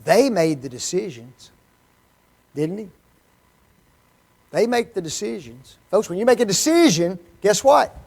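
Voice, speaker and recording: A man with a notably high voice preaches a sermon in a church. He talks in an animated way and keeps throwing rhetorical questions at the congregation. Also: unhurried, vocal fry, long pauses.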